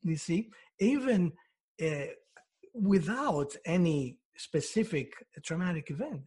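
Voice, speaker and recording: A man's voice: sits high, expressive, takes it slowly, warm tone, husky. A man who works as a hypnotherapist, explaining ideas in an interview through everyday examples, with frequent restarts.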